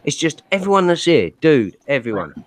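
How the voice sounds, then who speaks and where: A man's voice: on the high side, sing-song, fairly quick. A man chatting on a casual group stream, blunt and swearing freely as he rants. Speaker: stream panelist. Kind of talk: casual chat.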